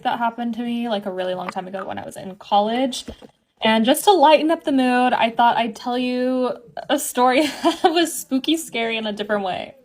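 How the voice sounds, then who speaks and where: A young woman chatting through a get-ready-with-me storytime, with quick asides. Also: fairly high pitch, a little mellow. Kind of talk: casual storytime while doing makeup.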